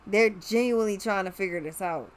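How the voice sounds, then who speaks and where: A woman's voice: mid-range voice, fairly quick. A woman giving a casual tarot reading, talking straight to the viewer in a blunt, profane, slangy way. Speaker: tarot card reader.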